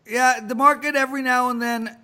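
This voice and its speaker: A man's voice: very high-pitched, steady tone, a little fast, sharp tone. A man hosting a sports betting talk show, giving blunt, emphatic opinions. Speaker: host.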